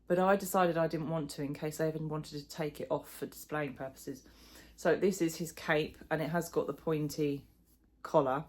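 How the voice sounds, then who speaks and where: Chatty low-voiced woman vlogger. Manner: chatty, self-deprecating, rambling with fillers. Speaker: crochet vlogger. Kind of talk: casual chat.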